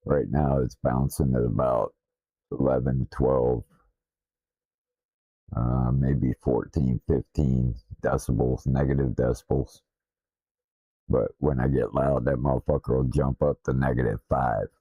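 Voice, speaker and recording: A very deep, gravelly man with a Southern drawl rambles bluntly and profanely into his desktop streaming mic. His voice is dark and a little slurred, and the sound is dry and close. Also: flat delivery, a little slow, no room sound. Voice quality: deep, slightly slurred from missing teeth. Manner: profane, blunt, self-deprecating. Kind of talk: casual rambling stream talk.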